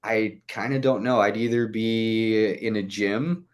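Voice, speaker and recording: A man's voice: lowish voice, fairly even intonation, measured pace. A young man chatting as a podcast guest, rambling with lots of "like" fillers and casual swearing. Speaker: guest musician.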